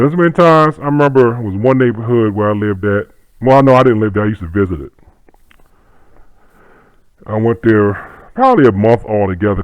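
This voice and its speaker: A man's voice: on the low side, dry recording, phone-quality sound. Brief: middle-aged man, martial arts instructor, profane rambling talk, dry close sound. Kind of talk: casual monologue.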